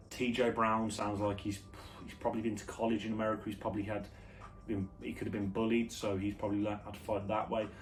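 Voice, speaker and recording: Young british man, slightly low voice, offhand rambling chat, low energy, mic a bit far off. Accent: British English. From United Kingdom. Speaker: vlogger. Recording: slightly distant mic with faint background noise.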